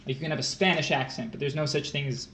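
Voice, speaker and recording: A man's voice: fairly high pitch, fairly even intonation, quick pace, fairly bright tone, slight background noise. A man co-hosting a casual test prep livestream, playful and fond of pedantic asides.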